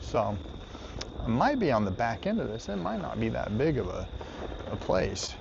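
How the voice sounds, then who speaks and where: A man in an easygoing vlog, rambling along with plenty of fillers and little laughs while he rides through a campground. His voice sits at an ordinary middle pitch. Steady outdoor noise runs under him the whole time. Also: moderate pace, creaky, highs cut off. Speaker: RV travel vlogger. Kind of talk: casual vlog narration. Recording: noisy outdoor recording. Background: outdoor ambience and noise.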